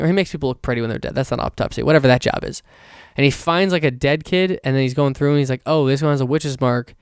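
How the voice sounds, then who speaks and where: A man's voice: mid-range voice, clear, resonant tone, dry recording, studio quality. A young man hosting a solo podcast, rambling casually with lots of fillers, restarts and swearing. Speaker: podcast host.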